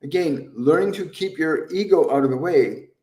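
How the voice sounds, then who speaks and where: A man's voice: a little high, lively intonation, moderate pace, mellow, roomy sound, far from the mic. A man hosting a live question-and-answer stream as a medium, earnest and grateful, repeating himself and laughing often. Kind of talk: livestream talk.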